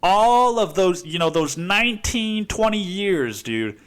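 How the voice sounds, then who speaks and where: A man's voice: sits high, animated, slow pace, a bit bright. A man from Mexico, hosting a podcast and telling a story in a casual, profane way, saying "dude" constantly. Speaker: podcast host.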